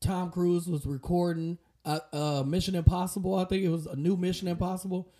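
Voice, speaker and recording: A man's voice: high-pitched, little pitch movement, a little fast, dark tone. A man co-hosting a podcast in a casual chat, joking and asking rambling questions. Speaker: podcast co-host.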